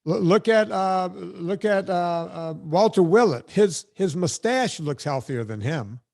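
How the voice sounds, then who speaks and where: A man's voice: high voice, animated, a little slow, creaky, a little mellow. A man hosting a podcast, ranting bluntly and sarcastically in casual chat. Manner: blunt, sarcastic, emphatic rants. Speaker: podcast host.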